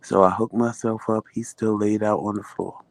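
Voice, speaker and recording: A man's voice: on the low side, moderate pace, no room sound. A man vlogging, telling a story casually and animatedly, acting out what people said. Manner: animated, acts out quotes.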